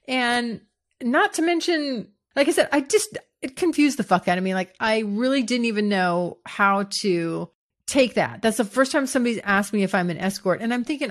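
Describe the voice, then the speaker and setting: A woman hosting her own podcast, talking straight to listeners about her dating life. She is blunt and swears freely, and her delivery is animated and conversational. Her voice sits at an ordinary middle pitch. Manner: frank, profane, animated storytelling. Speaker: podcast host. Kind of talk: candid solo podcast storytelling.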